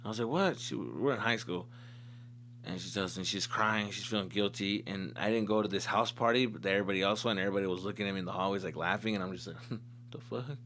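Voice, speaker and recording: A man's voice: fast, slight background noise. A young man hosting a comedy podcast, telling stories in a loose, profane way and breaking into exaggerated impressions. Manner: animated, profane, swings into loud high-pitched impressions. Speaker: podcast host. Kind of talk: casual comedic storytelling.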